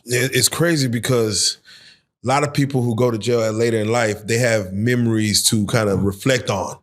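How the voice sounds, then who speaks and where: A man's voice: medium pitch, steady tone, normal speed. A man hosting a casual interview, asking curious and reflective questions. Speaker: podcast host.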